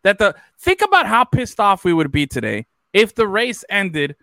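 A man riffs on a casual sports podcast, cursing and tripping over his own restarts. His voice sits high and bright with a crisp edge. The sound is dry and close. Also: moderate pace, no room sound. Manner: animated, swearing, restarts sentences. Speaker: podcast co-host.

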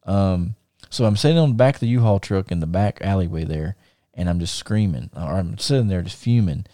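Man, lowish warm voice, dry close sound, lively storyteller. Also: brisk, dry recording. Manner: animated storyteller, acts out quoted voices; frequent fillers and restarts. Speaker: podcast host. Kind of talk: casual storytelling.

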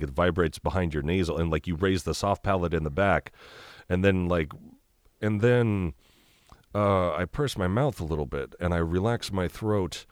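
A man's voice: deep voice, dry recording, studio quality. A man chatting as a podcast guest over a video call, rambling with many fillers and a joking tone. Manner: rambling, lots of fillers, jokey. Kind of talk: casual chat.

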